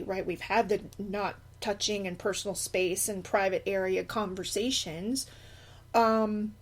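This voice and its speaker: A middle-aged woman who is a single mother, talking through a podcast monologue in an impassioned, indignant way, with many fillers and restarts. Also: medium pitch. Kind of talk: unscripted personal podcast monologue.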